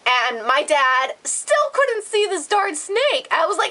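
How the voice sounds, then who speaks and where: A woman vlogger tells a storytime with dramatic, animated energy and casual profanity. Her voice is bright and sharp, with a fairly high pitch. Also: slow pace, poor audio. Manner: animated, swears freely, dramatic retelling. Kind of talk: storytime vlog.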